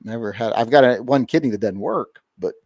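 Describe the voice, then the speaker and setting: A man hosts a casual livestream, cracking jokes and rambling through viewer messages with plenty of uhs. His pitch swings widely and lively. The sound is dry and close. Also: a little fast, no room sound. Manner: joking, rambling with many fillers. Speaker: livestream host. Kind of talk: casual livestream chat reading super chats.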